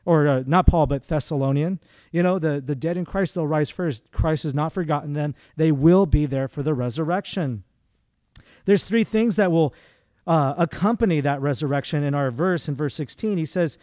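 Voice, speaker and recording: A man's voice: on the high side, a little mellow, no room sound. Conversational male guest preacher, dry sound. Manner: conversational, with many fillers and restarts. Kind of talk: sermon. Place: church.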